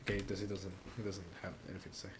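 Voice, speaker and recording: A man's voice: low voice, monotone, very fast, heavy background noise. A tipsy man giving rambling, self-mocking commentary while playing a story game, stumbling over his words. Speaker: gamer playing a narrative game. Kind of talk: casual gameplay commentary.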